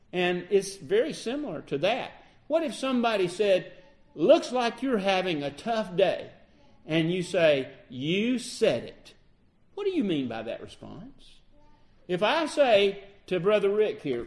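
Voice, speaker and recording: A man preaching a sermon, acting out the quoted dialogue with lively emphasis. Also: sits high.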